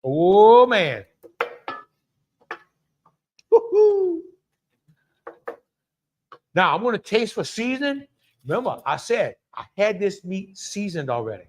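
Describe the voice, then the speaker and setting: A man's voice: high-pitched, very animated, normal speed, slight background noise. A middle-aged man hosts a live cooking stream in a chatty way, greeting viewers by name and laughing often. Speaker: cooking show host.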